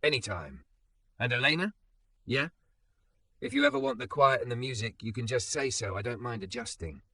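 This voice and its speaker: A man voicing a calm gentle lover. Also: mid-range voice, normal speed, creaky, distant mic, full character voice. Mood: tender. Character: tall calm young man, gentle and patient.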